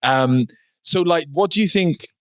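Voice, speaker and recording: A man's voice: fairly high pitch, a little slow, no echo. A man from Wales hosting a podcast, asking rambling, enthusiastic questions in casual chat. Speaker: podcast host.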